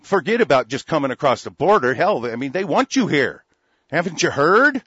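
A man's voice: a little high, big pitch swings, normal speed, a bit bright, breathy edge, no echo, dull audio. A man in an angry, profane political rant, heated and repetitive.

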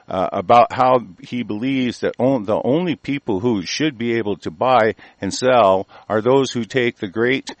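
With fairly low pitch and no room sound, this commentary-show host reads a news article aloud, tripping over the words. He's angry and aggressive, cursing throughout his rant.

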